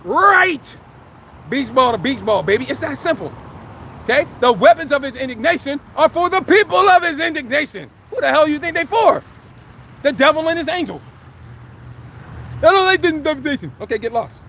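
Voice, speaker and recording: A man giving a live religious teaching as a street preacher, emphatic, firing rhetorical questions and shouting scripture for drama. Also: very high voice, expressive, a little fast, slight background noise.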